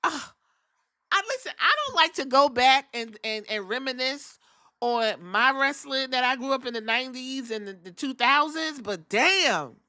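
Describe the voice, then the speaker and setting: A woman's voice: sits high, normal speed, bright, forceful tone, no room sound, clean studio sound. A woman hosting a podcast, recapping wrestling in a sassy, profane way and mimicking the wrestlers. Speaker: podcast host.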